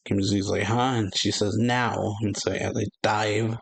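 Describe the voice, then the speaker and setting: Man, low voice, gravelly fry, casual manga recap, rambling fillers, flat read-out dialogue. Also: moderate pace. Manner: rambling, many "and so, yeah" fillers; reads characters' lines in a flat recap voice. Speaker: anime reaction channel host.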